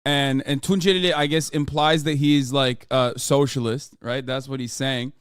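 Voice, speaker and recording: A man's voice: medium pitch, steady tone, moderate pace, smooth, no room sound, clean studio sound. Profane, sarcastic man in his thirties, from Turkey. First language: Turkish. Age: 30s. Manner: profane, sarcastic, laughs loudly at chat. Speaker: streamer and political commentator. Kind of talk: casual livestream commentary reading chat.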